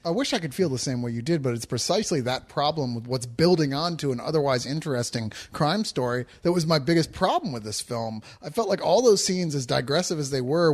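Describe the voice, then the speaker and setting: A man co-hosting a film review podcast who talks in an articulate, animated way in casual chat. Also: fairly high pitch. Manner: articulate, animated, acts out quotes.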